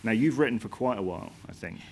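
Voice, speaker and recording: A man interviewing a guest on stage, asking thoughtful questions with quick restarts and self-corrections. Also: fairly low pitch, lively intonation, vocal fry, slight background noise. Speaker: interviewer, season curator. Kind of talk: onstage interview.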